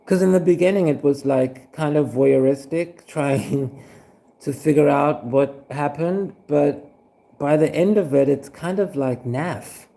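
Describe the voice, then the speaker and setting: An actor playing a suspicious, aggrieved former teacher who rambles with fillers and chuckles. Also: male voice, on the high side, a little slow, vocal fry, mellow. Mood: rambling aggrieved. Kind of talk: scripted monologue.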